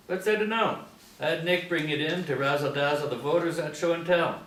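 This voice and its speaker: A man's voice: a little high, fairly quick, fairly bright tone, slight background noise, natural voice. A man reading a smug, salesy schoolboy hustler at a table read of a TV pilot. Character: slick wheeler-dealer schoolboy hustler. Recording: roomy, distant mic.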